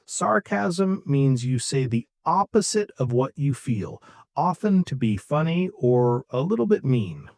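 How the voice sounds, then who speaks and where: A man co-hosting a podcast for English learners, explaining intonation slowly and clearly and acting out examples. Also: mid-range voice, sing-song, a little mellow, no room sound, studio quality. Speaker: English teacher, podcast co-host. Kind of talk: scripted English lesson.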